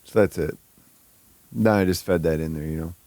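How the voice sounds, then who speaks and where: A man's voice: low voice, normal speed, warm tone, no room sound. A man with a Michigan accent hosting a live stream, rambling and crudely joking about himself in casual chat. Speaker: streamer host.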